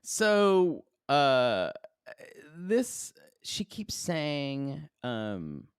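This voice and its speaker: Animated sarcastic man recapping TV. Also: a little high, drawn-out words, clear, resonant tone, no echo, studio quality. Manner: animated, sarcastic retelling with voiced quotes. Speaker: podcast co-host. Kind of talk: casual chat recapping reality TV.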